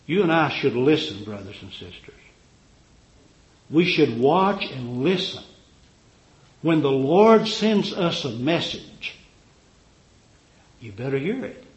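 A man preaching a fervent sermon, swinging from loud cries to low murmurs and acting out the voices of figures he quotes. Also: lively intonation, takes it slowly, pauses often. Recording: echoey, dull lo-fi recording.

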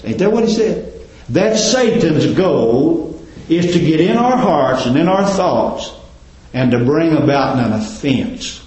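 Fervent preacher man in echoey hall. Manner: fervent, swinging between loud climbs and low hushed drops. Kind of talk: sermon. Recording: very echoey, dull lo-fi church recording.

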